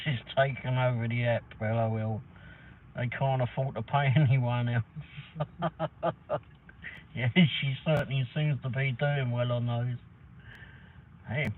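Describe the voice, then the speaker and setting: A man hosting a livestream, chatting in a rambling, casual way with some mild swearing. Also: mid-range voice. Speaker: livestream host. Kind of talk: casual chat. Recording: tinny phone-like sound from a distance, faint noise.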